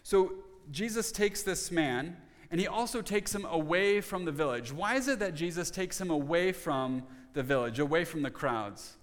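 A man's voice: fairly high pitch, animated, moderate pace. A middle-aged man preaching a sermon as a pastor, earnest, often repeating words as he restarts a thought. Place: church sanctuary. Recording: long reverb of a church hall.

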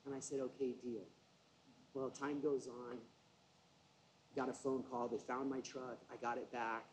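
A man preaching a sermon, telling a personal story in an animated, conversational way with self-deprecating asides. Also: medium pitch, normal speed, a little hiss or hum, poor audio.

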